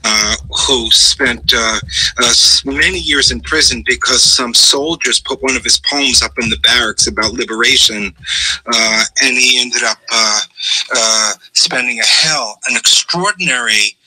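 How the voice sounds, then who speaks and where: A man hosting a radio interview, speaking haltingly with many filler sounds as he sets up a question. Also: mid-range voice, pushed and bright, husky, low-quality recording. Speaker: radio show host.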